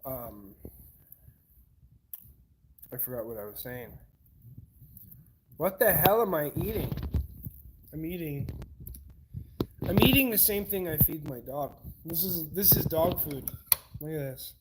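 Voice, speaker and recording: A man's voice: a little high, expressive, slow, long pauses, background noise. A man vlogging casually to camera at home, rambling and eating while he talks. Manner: rambling, eats while talking.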